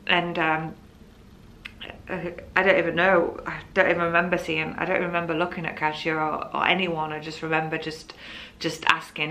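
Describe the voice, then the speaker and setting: A woman's voice: sits low, little pitch movement, moderate pace, pushed and bright, slight background noise. Candid woman recounting her birth story. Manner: emotional, candid, rambling with restarts. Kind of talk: casual personal storytelling.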